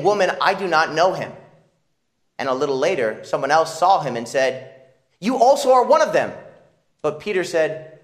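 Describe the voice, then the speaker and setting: A man preaching a sermon with a slightly raised pitch, his voice ringing in a reverberant room. He talks dramatically, sinking to hushed, low passages and climbing to emphatic, raised ones. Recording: echoey room.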